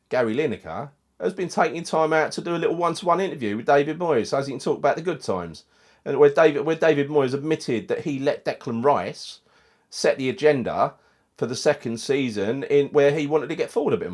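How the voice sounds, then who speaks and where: A man hosting a football fan channel, delivering a heated, sweary rant in casual commentary. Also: mid-range voice.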